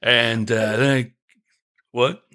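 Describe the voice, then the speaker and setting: A man's voice: medium pitch, fairly even intonation, slow pace, pushed and bright. A man playing a drunken male pub regular from a remote island, in a British accent drifting toward Liverpool, breezy and laughing about grim customs. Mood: cheerfully matter-of-fact. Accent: British, shifting toward Liverpool. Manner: cheerfully casual about grisly things, laughs often. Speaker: improv character guest. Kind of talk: comedic improv character interview.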